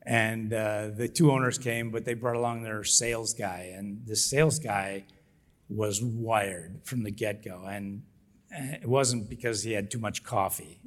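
A middle-aged man, a business founder, telling his story as an interview guest with lively energy, laughing often and acting out what people said. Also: lowish voice, a little slow. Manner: animated, laughs often, acts out quotes.

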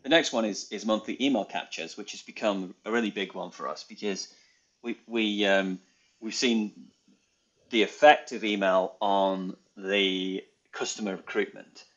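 A man's voice: fairly low pitch, steady tone, moderate pace, a bit bright, lo-fi sound. A man co-hosting a business podcast, talking casually with plenty of hesitations. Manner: chatty, many ums and hesitations. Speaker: podcast co-host.

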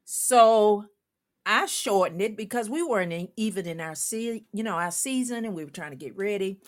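Animated older woman telling a story. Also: mid-range voice, normal speed. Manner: animated storyteller, laughs often, quotes people in character. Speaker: guest, former women's basketball coach. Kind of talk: storytelling on a talk show.

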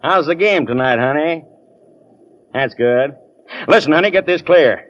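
An actor playing a crooked police chief who barks orders in a 1930s radio comedy play. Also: male voice, fairly high pitch, unhurried, dull audio, close to an everyday voice. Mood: scheming. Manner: bossy, barking orders. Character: gruff crooked middle-aged male police chief.

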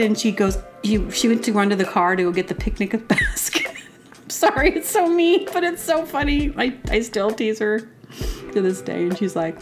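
A woman hosting a podcast, telling comic personal stories in a rambling, animated way and acting out quotes in exaggerated voices. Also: on the high side. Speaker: podcast host. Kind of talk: casual comedic storytelling. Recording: music playing behind.

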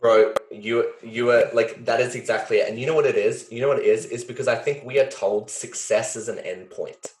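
A man's voice: medium pitch, steady tone, a little fast, hardly any pauses, darkish tone. A man hosting a podcast who talks earnestly and with feeling, thinking aloud with many fillers and the odd swear. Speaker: podcast host. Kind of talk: reflective conversation. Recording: roomy echo.

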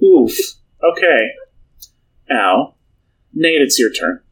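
Laughing, lively man hosting a podcast. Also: mid-range voice, slow, gravelly, poor audio. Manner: joking, laughs often. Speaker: podcast host. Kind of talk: casual chat.

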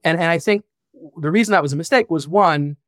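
A man's voice: on the high side, a little fast, a bit bright, dry recording, clean studio sound. Frank, reflective man on a podcast. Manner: frank and reflective, swears casually. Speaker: podcast guest, founder and father. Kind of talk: candid conversational interview.

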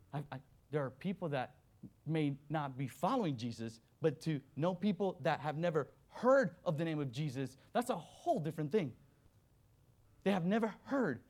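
Impassioned man preaching a sermon. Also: on the high side. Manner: impassioned, swings between loud exhortation and hushed reading. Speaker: guest preacher, missions worker.

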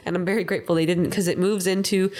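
A woman's voice: on the low side, steady tone, fast, a little mellow. A woman co-hosting a podcast, chatting casually through a recap and acting out quotes in playful voices. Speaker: podcast co-host. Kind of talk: casual chat recapping a reality show.

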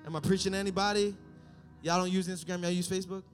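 A young man preaching a sermon, telling stories and building up to shouted climaxes. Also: sits high, fairly even intonation, racing, soft background music.

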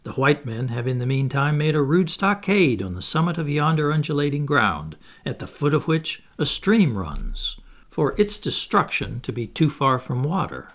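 Gravelly, expressive male storyteller. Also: a little high, moderate pace. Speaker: audiobook narrator. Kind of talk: storybook narration.

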